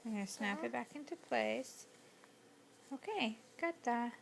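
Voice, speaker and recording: A woman's voice: a little high, expressive, measured pace, vocal fry, slight background noise. A mother at home talking to her toddler in a coaxing, sing-song voice. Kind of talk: casual talk to a toddler. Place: at home indoors.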